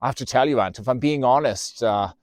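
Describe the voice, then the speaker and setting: A huge bull elk sighs over his lot in a slow, halting ramble, as a man reads him aloud. The voice is mid-pitched and dry, recorded close for a spoken storybook. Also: dry recording, lightly acted. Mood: glum. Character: big male bull elk, glum and self-pitying.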